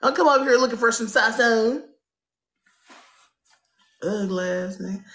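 A woman's voice: a little high, normal speed, long pauses, echoey room. A woman hosting a livestream, talking in a profane, insulting, theatrical rant. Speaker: livestream host.

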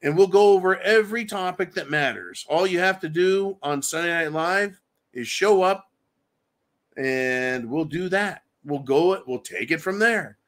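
A man's voice: high-pitched, lively intonation, unhurried, fairly bright tone. A man hosting a show, ranting angrily about politics and swearing constantly as he reads viewer comments. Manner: angry, crude, swears constantly. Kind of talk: profane political rant.

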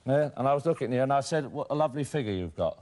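A man's voice: medium pitch, lively intonation, racing. A man hosting a game show, chatting and teasing contestants and laughing often. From London. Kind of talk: chatty quiz show banter. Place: TV studio with audience. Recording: noisy TV studio with loud audience.

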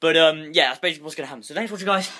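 A man's voice: fairly high pitch, sharp tone, a little hiss or hum. A young man vlogging on a handheld phone at home, rambling and restless and swearing freely. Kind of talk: casual vlog. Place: bedroom at home. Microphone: phone held in hand.

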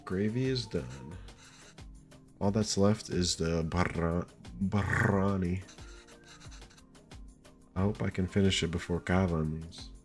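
A man's voice: deep voice, takes it slowly, pauses often. A young man giving casual let's-play commentary, talking to himself and swearing now and then. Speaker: gaming streamer. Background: faint game music.

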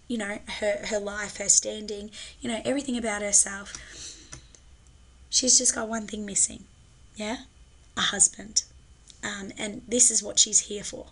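A woman teacher, slightly breathy, explaining a film scene in a chatty way and often checking in with tag questions. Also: on the high side, a bit bright. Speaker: English teacher. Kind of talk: film analysis lesson.

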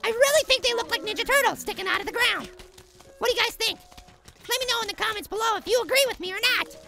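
A man voicing a tiny, excitable cartoon apple boy in frantic let's play commentary, yelling at the game. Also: quick pace, gravelly, full character voice. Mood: frantic excited. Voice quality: squeaky, sped-up high voice. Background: game music.

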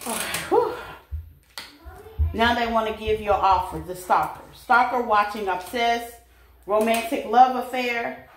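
A woman gives her viewers a casual, chatty tarot reading, laughing often and calling them babies. Her fairly high, fairly bright voice is unhurried, and the echoey room carries faint noise.

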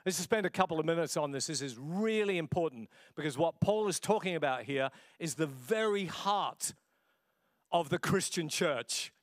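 A middle-aged pastor preaching with passion and an easy, conversational warmth of delivery. His voice sits a little high for a man and comes through close and dry. He preaches like he's talking to friends, with the odd laugh. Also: lively intonation, normal speed, dry recording. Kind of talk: sermon. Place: church.

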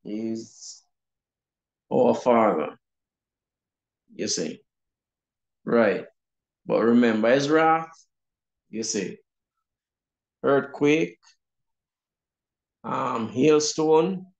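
A man's voice: mid-range voice, extremely slow, vocal fry, long pauses, dull audio. A man with a Jamaican accent teaching a Bible class, emphatic and often asking "you see?". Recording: roomy echo.

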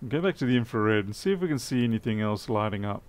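An electronics repair technician talks through a live circuit board repair, muttering and thinking aloud in a methodical way. His voice sits on the low side and he speaks fast and expressively.

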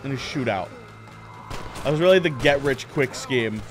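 Male streamer, playful and jokey, mid-pitched voice, loud game music underneath. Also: expressive, moderate pace. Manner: joking, playful, blurts mock gunshot sounds. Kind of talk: gameplay commentary.

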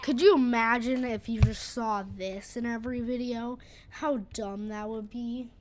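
Brief: young woman game streamer, high voice, unhurried, chatty and self-mocking, faint music underneath. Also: fairly even intonation. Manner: chatty, self-deprecating, sudden loud exclamations. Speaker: gaming channel host. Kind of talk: casual gameplay commentary. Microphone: boom arm studio mic.

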